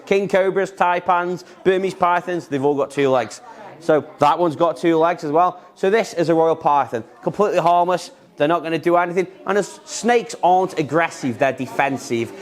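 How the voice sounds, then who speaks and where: A young man giving an enthusiastic, repetitive live talk about snakes while handling animals in a museum room. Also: fairly high pitch. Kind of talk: live educational talk to children.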